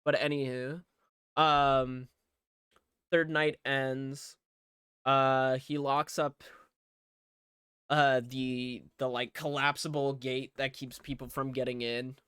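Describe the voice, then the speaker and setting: A man talks through a movie's plot at an unhurried pace, in a voice that is clear and smooth. He rambles, swears freely and leans on fillers as he recaps. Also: medium pitch, level tone, fairly bright tone, dry recording, studio quality. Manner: rambling, profane, filler-heavy. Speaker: movie reviewer.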